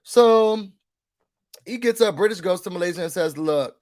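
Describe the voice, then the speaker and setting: At a normal speed, a man whose voice sits notably high gives a casual, sassy reality show recap. He gets animated, hammering his points home through repetition.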